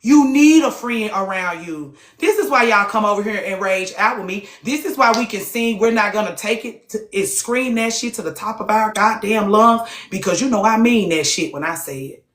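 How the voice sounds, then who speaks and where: A woman hosting a live group talk speaks in a slightly high, fairly bright voice, blunt and profane as she pelts her listeners with rhetorical questions. The casual, heated session has echoey room sound.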